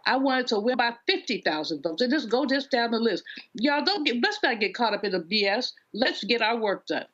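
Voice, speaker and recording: A woman's voice: a little high, lively intonation, a little fast, fairly bright tone, dull audio. A woman panel guest talking politics bluntly and with some amusement. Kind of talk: political discussion.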